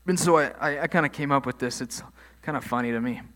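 A man's voice: medium pitch, quick pace, fairly bright tone. Man preaching a conversational sermon. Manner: conversational preaching, rising emphasis on key phrases. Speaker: pastor.

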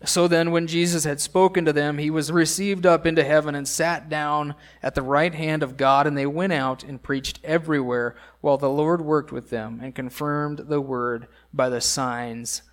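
A man's voice: on the high side, fairly even intonation, normal speed, hardly any pauses. A man preaching a sermon, earnest and emphatic, repeating key phrases and asking rhetorical questions. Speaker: pastor.

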